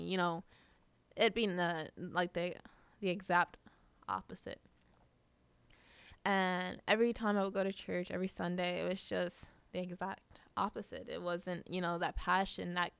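A woman's voice: fairly low pitch, gravelly, smooth, no echo. A woman telling personal stories in a casual, rambling way, full of fillers and restarts. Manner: rambling, many fillers and restarts, laughs often. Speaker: podcast guest.

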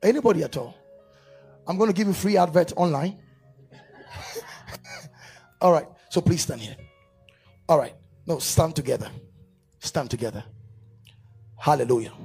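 A man's voice: on the high side, measured pace, creaky, pauses often, breathy edge, faint music behind. A male preacher giving a live sermon at a church service, directing volunteers and leading fervent prayer. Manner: animated, rising to fervent shouted prayer. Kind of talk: live sermon with a staged demonstration. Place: church service before a congregation.

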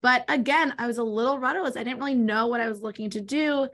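Fast-talking Californian woman. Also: fairly high pitch, a bit bright. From born in New York, raised in Los Angeles. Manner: talks fast, explanatory. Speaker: guest, estate planning attorney. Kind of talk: casual interview answers.

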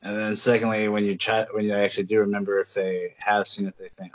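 Man, slightly low voice, podcast co-host, casual chatty talk. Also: monotone, quick pace, no room sound. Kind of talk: casual chat.

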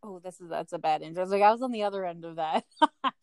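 A woman in casual chat, blunt and quick to laugh. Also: lowish voice, a little mellow.

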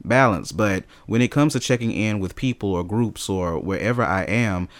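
Animated storyteller man, low voice. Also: moderate pace. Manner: animated storyteller, swears freely. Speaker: podcast co-host. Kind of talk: casual chat.

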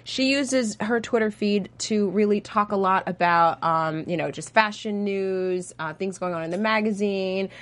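A woman's voice: mid-range voice, measured pace, hardly any pauses. A woman hosting a fashion chat show, upbeat and talkative, reading out items between banter. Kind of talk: casual hosted chat.

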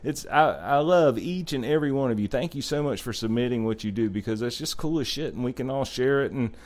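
A man's voice: mid-range voice, fairly quick, a little mellow. A man hosting a casual podcast and introducing songs, rambling and enthusiastic, with lots of fillers and casual swearing. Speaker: podcast host. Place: North Carolina.

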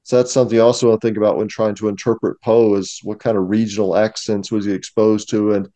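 A man's voice: fairly low pitch, fast talker, dry recording. A man, a museum curator, talking casually and knowledgeably as a guest in a discussion. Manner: knowledgeable, explanatory, steady.

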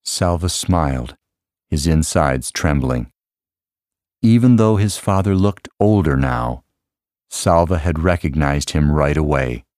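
A man reading a story aloud as narrator in a measured manner, raising his voice for quoted lines. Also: extremely low pitch, lively intonation, a little mellow, dry recording, clean studio sound. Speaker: audiobook narrator. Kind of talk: scripted narration.

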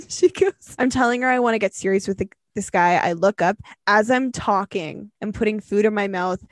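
A woman's voice: medium pitch, steady tone, moderate pace, no echo, clean studio sound. A young woman co-hosting a casual podcast, reading out a listener's story with lots of swearing and laughter. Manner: profane, giggly storyteller. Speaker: podcast co-host.

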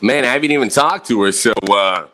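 A man hosting a podcast in casual, profane, excitable chat. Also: medium pitch, fairly quick. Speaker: podcast host.

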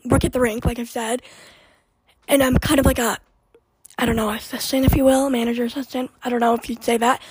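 A woman's voice: a little high, breathy edge, no echo. A young woman hosting her own podcast, chatting casually and rambling with lots of fillers and restarts. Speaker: podcast host. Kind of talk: casual chat.

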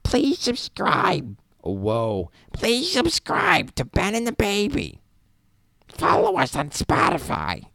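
A man putting on an impression of a shrill comedian, squawking and drawing out pleas to subscribe. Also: wildly swooping pitch, slow pace, creaky, pushed and bright, no room sound, full character voice. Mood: shrill pleading. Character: impression of a shrill comedian, male, middle-aged.

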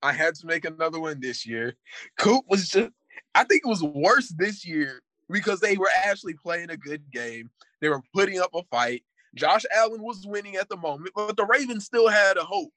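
A man hosts a casual podcast, joking around and teasing his friends. His voice sits a little high for a man. The sound is dry and close. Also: lively intonation, normal speed, sharp tone, dry recording. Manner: joking, teasing, talks up segments. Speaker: podcast host.

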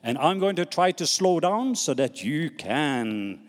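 A man with a Norwegian accent preaching a sermon, animated and calling on the congregation to repeat words back. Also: a little high, a little slow, in a large hall. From Norway. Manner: animated preaching with call-and-response prompts. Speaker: pastor.

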